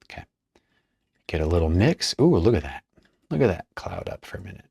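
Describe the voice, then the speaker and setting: Man, very low voice, relaxed tutorial narrator thinking aloud, dry close sound. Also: a little fast, gravelly, breathy edge, no echo. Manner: thinks aloud while working, chatty asides. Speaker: perfumer demonstrating a blend. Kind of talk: casual hands-on tutorial narration.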